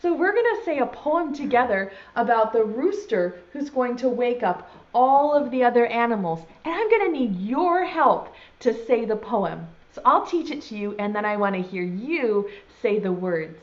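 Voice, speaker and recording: A woman leads a preschool circle time from home, her voice high and full of swooping ups and downs. She speaks slowly and sing-song, stretching words for little listeners. The recording sounds dull and lo-fi. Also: lively intonation. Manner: slow, exaggerated, sing-song teacher talk to small children; uses sign language alongside speech. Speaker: preschool teacher.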